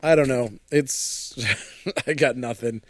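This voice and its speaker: A man co-hosts a podcast and walks through a movie's plot in a casual, rambling way. He laughs often and lets thoughts trail off. His voice sits at an ordinary middle pitch, recorded close and dry. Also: slow pace, dry recording. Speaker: podcast co-host. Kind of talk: casual movie recap chat.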